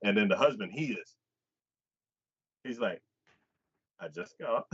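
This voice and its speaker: A man's voice: a little slow, vocal fry, slightly rough, no room sound. A man hosting a casual anime chat, retelling an episode and acting out the characters' lines. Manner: animated retelling, acts out characters' lines with pitch jumps. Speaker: anime podcast host. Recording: dull lo-fi dry sound.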